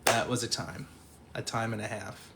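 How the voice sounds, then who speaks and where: A young man telling a long college story to a live stream chat, animated and profane, laughing as he goes. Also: fairly low pitch, normal speed, noisy background.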